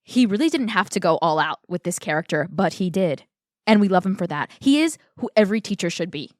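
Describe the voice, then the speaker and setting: Excitable woman gushing as podcast co-host. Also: lowish voice, quick pace, dry recording, clean studio sound. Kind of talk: casual film review chat.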